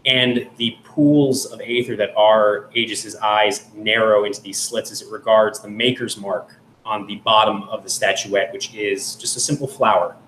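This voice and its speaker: A man with a low voice describes his character's actions in a tabletop game, pausing often and filling gaps with hesitations. His voice sounds echoey in the room, with a faint hiss behind it. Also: fairly even intonation, fairly bright tone. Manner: halting, filler-heavy. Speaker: player.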